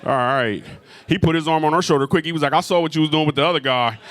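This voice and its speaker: A man's voice: a little high, fast, a bit bright. A man doing a stand-up comedy set in a club, telling a profane story with lots of crowd work.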